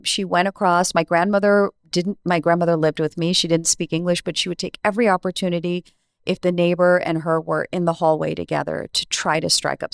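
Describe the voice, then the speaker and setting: An American woman speaking as a podcast guest, measured and reflective in a conversational interview. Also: fairly low pitch, vocal fry, no room sound, studio quality.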